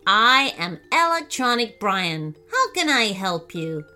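A woman's voice: medium pitch, very animated, takes it slowly, bright, forceful tone, faint music behind, heavily acted. Woman doing a polite cardboard robot. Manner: polite, formal.

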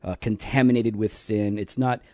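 A man co-hosting a casual theology podcast, dry and teasing, slowing down when he explains doctrine. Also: on the low side, fairly even intonation, darkish tone, no room sound. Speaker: podcast co-host.

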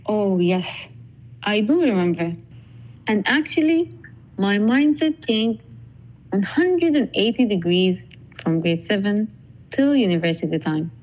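A young woman from Sudan, a podcast guest, telling her story in a measured, reflective way. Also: medium pitch, animated, darkish tone, rough recording. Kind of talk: casual interview talk.

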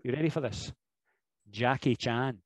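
A Scottish-accented wrestler appears as a podcast guest, his medium-pitched voice at a measured pace on a rough recording with no echo. In casual interview chat he tells jokey, high-energy stories, slipping into impressions and laughter.

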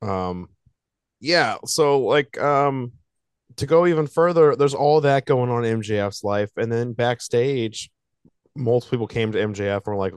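Low, smooth-voiced man recapping wrestling. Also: moderate pace, no echo, clean studio sound. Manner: laid-back, sarcastic recapping with fillers. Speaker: podcast co-host. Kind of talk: casual wrestling podcast chat.

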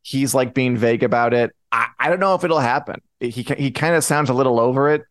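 A man's voice: mid-range voice, quick pace, no echo, studio quality. A man co-hosting a pop culture podcast, talking casually with blunt, wry humor. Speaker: podcast co-host. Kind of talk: casual chat.

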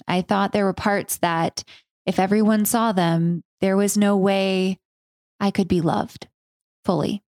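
Woman host, intimate spoken-word storyteller, slow and deliberate, dry close mic, earnest with casual swearing. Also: medium pitch, darkish tone, dry recording.

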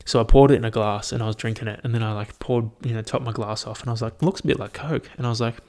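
A man's voice: on the low side, level tone, very fast, a little mellow. A young man, chatting casually on his own about his year, rambling, swearing often and laughing at his own stories, recorded on a headphone mic. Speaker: vlogger. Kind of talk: casual solo year-review chat.

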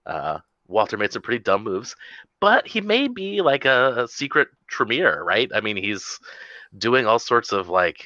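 A man's voice: medium pitch, big pitch swings, measured pace, bright, forceful tone, dry recording. A man playing a tabletop game, chatting casually and sarcastically with mocking asides. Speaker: player. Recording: dull lo-fi mic.

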